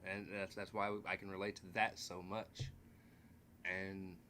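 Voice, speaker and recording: A man's voice: deep voice, flat delivery, measured pace, pushed and bright, slight background noise. A man hosting a music reaction video, talking candidly and loosely, with casual swearing.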